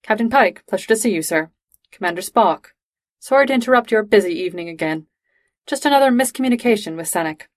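Kirk, a woman doing a hurried charming cadet. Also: mid-range voice, lively intonation, no echo, lightly acted. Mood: flustered. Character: flustered young male cadet, charming.

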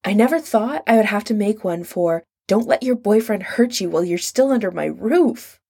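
A woman reading aloud, voicing a volatile young man who shouts and hisses in jealous anger. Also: medium pitch, expressive, normal speed, vocal fry, breathy edge. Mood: hurt.

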